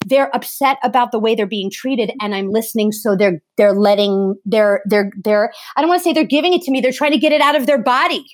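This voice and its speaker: A slightly high-voiced woman in midlife speaks in a sincere conversational discussion. She presses her points with emphasis and often restarts or repeats words as she searches for the right phrasing. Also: a little fast, hardly any pauses. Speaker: theatre vocal coach.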